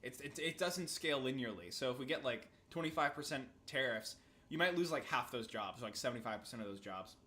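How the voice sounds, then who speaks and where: A man's voice: medium pitch, lively intonation, brisk, pushed and bright. A Canadian man with a Canadian accent in casual chat, rambling and thinking aloud with many fillers.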